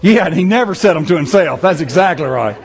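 A man preaching a sermon, moving between loud, rising passages and low, slow, soft ones, chuckling often. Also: animated. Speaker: pastor.

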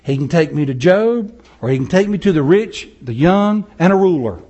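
Man preaching in a high, lively voice. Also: husky, dull audio. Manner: swings from loud preaching to low, slow, soft delivery with chuckles. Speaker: pastor. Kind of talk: sermon.

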